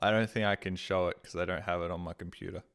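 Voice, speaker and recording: A man's voice: sits low, fairly even intonation, fast, vocal fry, a bit bright, smooth. A man chatting casually on a live stream, rambling and swearing with a self-deprecating edge, talking from a desk mic at home.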